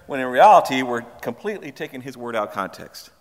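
A man's voice: mid-range voice, lively intonation, brisk, few pauses, big-room sound. A man preaching a sermon to his congregation, repeating words and firing questions at them. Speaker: pastor. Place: church sanctuary.

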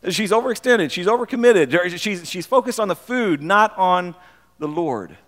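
A man with a high voice preaches a conversational sermon, animated and prone to restating his words for weight. His voice rings with a long hall reverb. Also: moderate pace. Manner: animated, repeats phrases when emphasizing. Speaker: pastor.

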